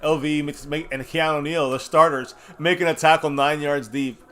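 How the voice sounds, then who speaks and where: A man's voice: on the high side, normal speed. Tipsy, cursing man reacting to football. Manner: profane, excitable, swings from mutters to shouts. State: has been drinking. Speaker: host of a fan watch-party stream. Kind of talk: live game reaction and chat.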